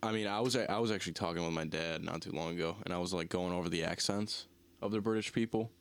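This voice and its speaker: A young man with a Northeastern US accent, co-hosting a casual podcast chat and rambling in halting sentences full of restarts. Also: sits low, smooth. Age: young adult. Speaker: podcast co-host.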